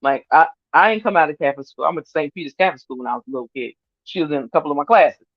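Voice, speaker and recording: A woman in her fifties chatting casually to her viewers on a livestream, animated and laughing often as she reads their comments. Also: deep voice, rapid-fire, dry recording. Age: 50s. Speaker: vlogger reading viewer comments. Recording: dry, slightly muffled lo-fi sound.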